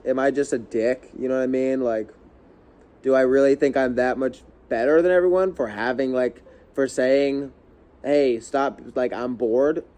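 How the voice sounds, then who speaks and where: A man's voice: mid-range voice, normal speed, a little mellow, clear, resonant tone. A young man ranting casually to camera as a vlogger, heated and rambling, swearing often and restarting his sentences.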